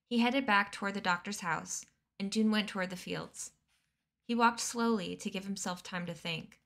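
Woman, reading a book aloud, steady expressive storytelling, mid pitch. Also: moderate pace, vocal fry. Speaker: reading streamer.

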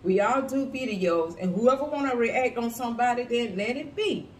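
A woman's voice: on the high side, normal speed, distant mic. A woman giving blunt, sassy, profane commentary in a casual reaction video. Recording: echoey room with faint hiss.

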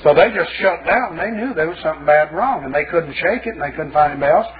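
A man's voice: fairly high pitch, lively intonation, fast. A male pastor preaching a sermon in a folksy, colloquial storytelling manner. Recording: lo-fi phone-like sermon tape.

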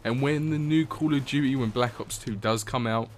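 A man's voice: medium pitch, moderate pace, a little hiss or hum. Rambling young man commentating a game. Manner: rambling, swears often, laughs at own stories. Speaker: gaming commentator. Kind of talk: casual gameplay commentary.

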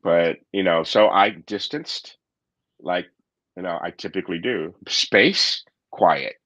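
Man, very deep voice, candid reflective chat, dry lo-fi remote-call sound. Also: slow pace, a bit bright, no echo. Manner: candid, thoughtful, frequent fillers and restarts. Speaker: podcast host and coach. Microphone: remote call microphone.

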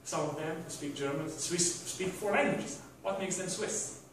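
A man's voice: on the high side, a little slow, slight background noise. A man giving a university lecture, rambling with restarts and rhetorical questions to the class. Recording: echoey room from a distant mic.

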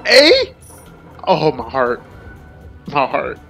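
A man hosting a gaming channel, giving casual, profane let's-play commentary that swings between excited outbursts and hushed, rambling muttering. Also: medium pitch, moderate pace, soft background music.

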